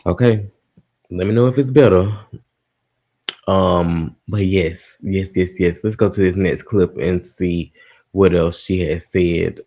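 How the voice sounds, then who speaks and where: A man's voice: low voice, steady tone, slow, mellow. Profane, exasperated male live-stream host. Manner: exasperated, profane, talking to his listeners. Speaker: host of a live gossip show. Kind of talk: casual live-stream chat.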